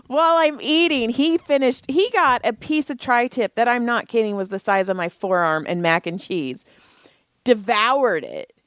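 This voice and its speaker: A woman's voice: fairly high pitch, expressive, normal speed, fairly bright tone, clean tone, dry recording. A middle-aged woman co-hosting a podcast, telling a family story in a chatty, profane way and acting out the dialogue. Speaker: podcast co-host. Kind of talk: casual chat.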